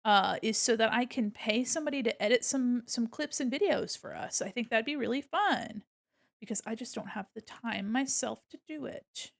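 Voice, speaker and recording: Higher-voiced gal on stream, chatty and giggly, drops the odd swear while drawing. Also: female voice, moderate pace, creaky. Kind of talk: casual livestream chat while drawing.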